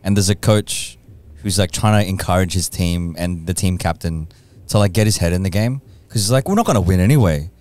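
A man co-hosting a casual podcast chat, telling stories animatedly and acting out scenes in high squeaky voices. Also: normal speed, hardly any pauses, a little mellow. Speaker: podcast co-host.

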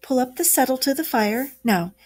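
Hearty, masterful male rat, quick to give orders, read by a woman. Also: high voice, lively intonation, a little mellow, pitched above the performer's own voice. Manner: hearty, commanding.

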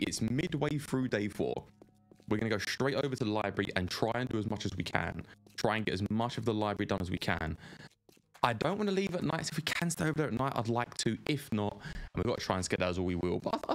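A man giving live gameplay commentary, rambling and chatty as he greets viewers by name. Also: medium pitch. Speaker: game streamer.

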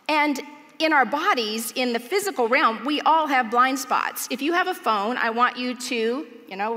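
A woman's voice: on the high side, sharp tone. A woman giving a sermon in a church, telling stories with humor and earnest conviction. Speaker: church speaker. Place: large church auditorium. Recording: long hall reverb from a church.

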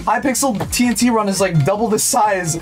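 A young man chatting loosely while playing party games online, quick to yelp and laugh. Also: high voice, soft background music. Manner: excitable, yelps and laughs often. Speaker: gaming YouTuber. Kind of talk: casual gameplay banter.

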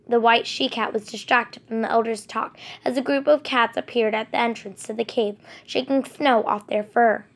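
Woman reading a story, gravelly voice. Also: on the high side, level tone, normal speed. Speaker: narrator.

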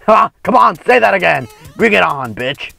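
A man commentating gameplay with a friend, crude and trash-talking, swearing and yelling often. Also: sits high, big pitch swings, moderate pace, creaky, no echo. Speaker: gamer co-host.

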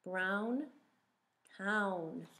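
A woman teacher reading a picture book aloud to young children, stretching and stressing single words in a sing-song way and asking them gentle questions. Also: medium pitch, drawn-out words, a little hiss or hum.

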